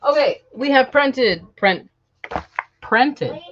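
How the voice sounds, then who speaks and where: A woman's voice: sits high, animated, very slow, fairly bright tone, muffled recording. A woman from Chicago, chatting casually and joking with viewers on a live stream while working on a sewing project at home. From Chicago, USA. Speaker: sewing vlogger.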